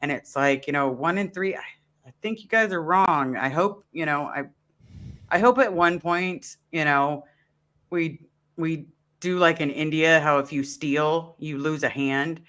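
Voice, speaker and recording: Bright-voiced man telling a story. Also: fairly high pitch, unhurried. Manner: earnest, storytelling with acted asides. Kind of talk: casual conversation.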